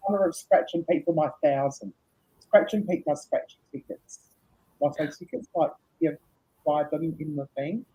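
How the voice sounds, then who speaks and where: A tired woman hosting a casual live chat, laughing often and reading out viewers' comments in a husky voice. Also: deep voice, normal speed, dark tone. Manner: chatty, laughs often, reads comments aloud. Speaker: host. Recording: dull lo-fi stream audio.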